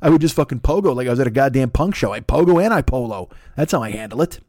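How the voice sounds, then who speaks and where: An older man riffs at a rapid clip in a profane, rambling monologue, poking fun at himself as he goes. His voice is mid-pitched and sits close and dry on a laptop microphone, with no room sound around it. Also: lively intonation, darkish tone, no echo. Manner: profane, rambling, self-mocking. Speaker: podcast host. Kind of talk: solo comedic rant.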